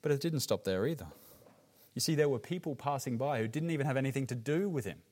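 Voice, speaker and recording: Preaching a sermon with an Australian accent, this pastor is earnest and emphatic, speaking fast and animatedly in a slightly mellow voice. He drops his voice low whenever the words turn grave.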